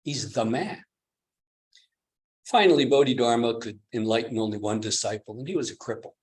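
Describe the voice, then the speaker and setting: A man's voice: mid-range voice, moderate pace. Chuckling man giving a dharma talk. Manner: chuckling, keeps asking the listeners "do you see?". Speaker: meditation retreat teacher.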